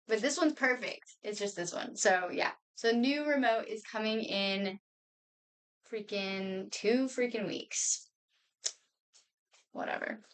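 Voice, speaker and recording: A woman's voice: medium pitch, a bit bright, recorded from a distance. A woman in her twenties chatting casually to her live stream viewers at home, rambling and laughing often. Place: home room.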